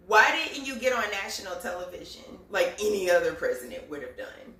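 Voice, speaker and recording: Woman, sarcastic cussing rant, bright edgy tone, echoey room. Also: mid-range voice, very animated, brisk, hardly any pauses, far from the mic. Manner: profane, sarcastic, repeats lines for emphasis. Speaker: political commentary vlogger. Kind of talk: casual ranting commentary. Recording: echoey room, voice somewhat off mic.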